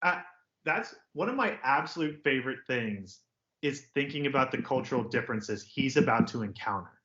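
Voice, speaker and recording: A man co-hosting a sports podcast, ranting in a sarcastic, jokey, animated way. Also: medium pitch, a little fast. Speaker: podcast co-host. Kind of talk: casual sports chat. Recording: roomy, slightly dull podcast audio.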